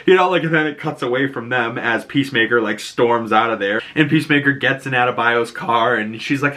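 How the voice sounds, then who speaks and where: A man's voice: mid-range voice, a little fast, few pauses, bright, forceful tone. A man with a Boston accent casually recapping a TV episode, rambling and often laughing. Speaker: TV recap YouTuber.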